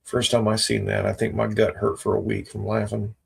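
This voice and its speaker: A man's voice: on the low side, completely flat delivery, fairly quick, creaky, husky. A man hosting a casual livestream, chatting with viewers in a laid-back, wry way. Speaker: livestream host reading chat. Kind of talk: casual chat.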